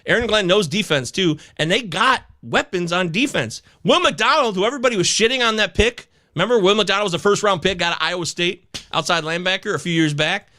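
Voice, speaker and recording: A male host runs a live fantasy football chat, his pitch leaping up and down as he rambles. His voice is bright and a touch high, and he swears freely when the news goes against him. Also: animated, a little fast, few pauses.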